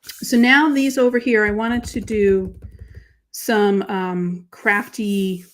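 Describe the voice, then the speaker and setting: A woman hosting a live crafting show, chatting with viewers and talking through each step, her voice dropping to quiet murmurs while she writes. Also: mid-range voice, steady tone, takes it slowly. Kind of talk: live crafting chat, answering viewer comments.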